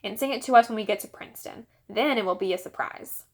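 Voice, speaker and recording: A woman voicing a patient father who gently suggests things. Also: mid-range voice, fast talker, natural voice.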